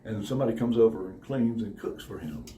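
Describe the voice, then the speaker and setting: A man's voice: lowish voice, lively intonation, a little fast, warm tone. A man casually telling a long story, swearing freely and often laughing between lines. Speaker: podcast guest. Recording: distant mic with faint background noise.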